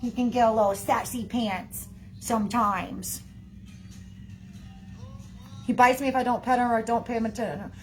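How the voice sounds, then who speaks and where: A woman's voice: a little high, fairly even intonation, moderate pace, pauses often, soft background music. A woman chatting casually to her viewers in a rambling way, full of fillers and "y'all". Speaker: livestreamer talking to viewers. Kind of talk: casual chat.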